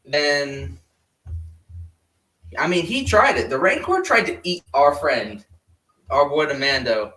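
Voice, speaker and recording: A man's voice: fairly high pitch, expressive, a little slow, long pauses, bright, forceful tone, far from the mic, a little hiss or hum. A man hosting a podcast in casual chat, rambling and joking, recorded in an echoey room away from the mic. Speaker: podcast host.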